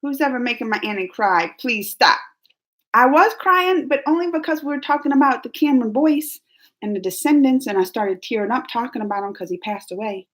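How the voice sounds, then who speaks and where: A woman's voice: a little high, expressive, fairly quick. Giggly Southern-accented woman chatting. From New Orleans, Louisiana, US. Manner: giggly, chatty, reading viewer comments aloud. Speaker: YouTube host. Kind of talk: casual live-stream chat.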